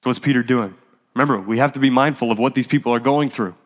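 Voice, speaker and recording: A man's voice: medium pitch, quick pace, lo-fi sound. A male pastor giving a sermon in a casual, conversational way that rises to fervent exhortation. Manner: conversational preaching, rising to exhortation. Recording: hall reverb.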